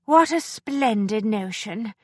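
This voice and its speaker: Woman reading a prim, brisk governess. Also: mid-range voice, expressive, dry recording, clean studio sound. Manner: precise, prim and firm.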